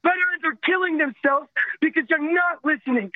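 This caller, an army veteran, talks a little fast with hardly any pauses in a very high-pitched voice, recorded dry over a tinny phone line. He delivers an impassioned radio call-in rant, pleading intensely, his voice breaking with emotion.

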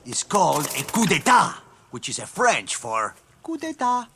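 A man's voice: on the high side, wildly swooping pitch, a little slow, creaky, very noisy, full character voice. An actor voicing a small, power-hungry male cartoon chick who gloats as he takes over. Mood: gloating. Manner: smug, gloating. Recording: loud film soundtrack music under the dialogue.

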